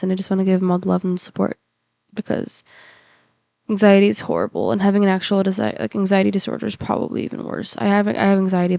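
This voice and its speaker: A woman's voice: medium pitch, gravelly, a little mellow, no echo. A young woman chatting casually and rambling as a K-pop reaction vlogger, with lots of fillers and restarts, and emotional at times. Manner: emotional, on the verge of tears. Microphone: computer mic.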